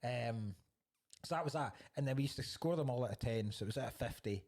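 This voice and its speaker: A man's voice: medium pitch, fast talker, darkish tone. A Scottish man co-hosting a comedy podcast, telling a long story in a casual chat, swearing freely and laughing often. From Scotland. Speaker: podcast co-host.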